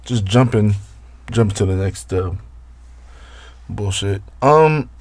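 A man's voice: on the low side, expressive, takes it slowly, a little mellow, dry recording. A man hosting a casual solo podcast, rambling and swearing as he talks straight to his listeners. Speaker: podcast host.

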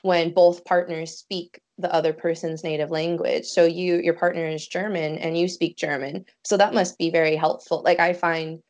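A woman's voice: fairly low pitch, flat delivery, normal speed, hardly any pauses, darkish tone. A woman in casual conversation, chatty and telling anecdotes with quoted dialogue. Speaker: conversation partner. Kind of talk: casual chat. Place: Montreal.

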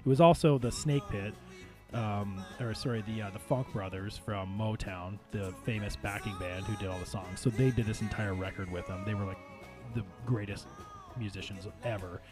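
A man's voice: lowish voice, fairly even intonation, normal speed. A man hosting a casual music podcast, talking in a rambling way with lots of fillers and easy laughter. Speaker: podcast host ranking albums. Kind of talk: casual chat.

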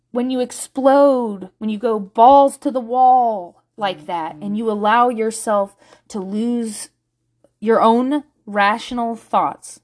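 A woman, telling a candid, profane parenting story in a vlog monologue. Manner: profane, animated, swings to loud and high when laughing.

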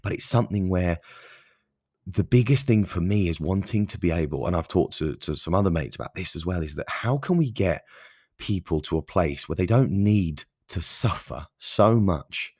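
A man's voice: sits low, lively intonation, moderate pace, a little mellow, breathy edge, no echo, studio quality. A man in his thirties hosting a solo podcast, talking in an earnest, enthusiastic, conversational way. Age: 30s. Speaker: podcast host.

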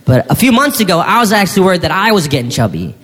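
A man performing a stand-up comedy routine, animated, with mock-shouting asides. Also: high voice, fast talker, slightly rough. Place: comedy stage before an audience. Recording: live hall with reverb, faint noise.

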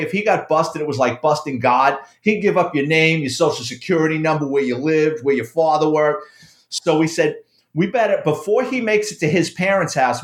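A middle-aged man, a former police officer and author, telling a profane, animated story in casual conversation. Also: on the high side. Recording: roomy echo.

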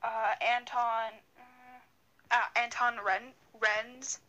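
A woman's voice: a little high, flat delivery, takes it slowly, bright, forceful tone, lo-fi sound. A young woman co-hosting a podcast over a video call, telling a story in a casual, rambling way with many fillers and restarts. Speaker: podcast co-host.

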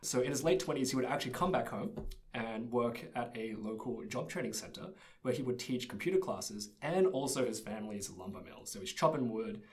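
A man's voice: mid-range voice, expressive, a little fast. A young man telling a story in casual chat, easygoing and laughing often. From Australia. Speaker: presenter.

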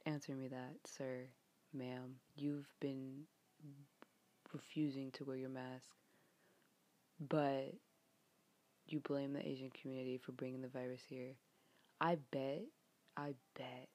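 Young american woman ranting, fed up, cussing, low mellow voice going hoarse. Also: flat delivery, takes it slowly, pauses often. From United States. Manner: frustrated, exasperated, swearing. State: voice getting hoarse. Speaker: vlogger. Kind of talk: rant vlog.

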